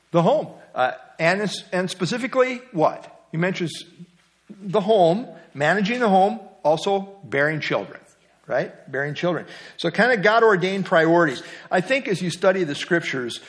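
A middle-aged man leads a Bible study class in a relaxed, chatty manner. He keeps asking his listeners questions and throws in light jokes. His voice sits a little above the usual male pitch. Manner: conversational, quizzes the class and jokes. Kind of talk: interactive Bible study lesson.

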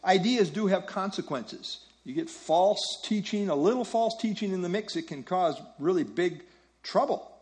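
A man's voice: high voice, animated, moderate pace, darkish tone. Earnest man teaching a Bible class. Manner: earnest, emphatic, repeats key phrases.

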